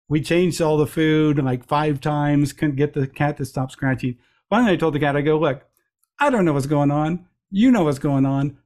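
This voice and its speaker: A middle-aged man telling lively anecdotes as an interview guest, with frequent restarts and playful voices for quotes. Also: fairly high pitch. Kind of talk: storytelling in a conversational interview.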